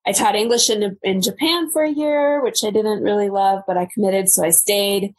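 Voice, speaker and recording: A woman in her thirties, a guest on a live stream, telling her story in a lively, laughing way. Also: mid-range voice, normal speed. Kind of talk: casual interview chat.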